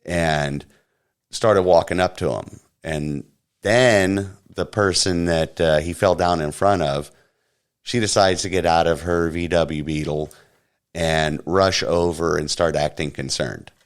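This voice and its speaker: A man's voice: sits low, fairly even intonation, takes it slowly, smooth. A man hosting a podcast, casually recounting an anecdote step by step. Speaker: podcast host.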